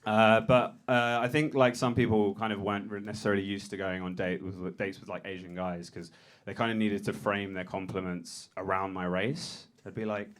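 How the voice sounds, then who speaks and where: A man's voice: on the low side, little pitch movement, moderate pace, hardly any pauses. A man doing a stand-up set on a comedy club stage, self-deprecating and a bit hesitant.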